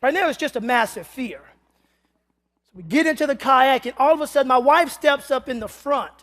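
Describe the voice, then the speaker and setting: A male preacher with a very high voice tells a comic story from the pulpit, animated and bursting into shouts. His words ring out with a long reverb in a large hall. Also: a little fast. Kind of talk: humorous sermon storytelling.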